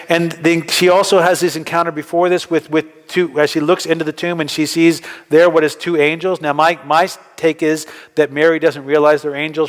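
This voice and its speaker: Male pastor preaching, kinda higher voice, chatty with questions, long church reverb. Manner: conversational, asks the congregation questions. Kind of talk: sermon. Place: church hall.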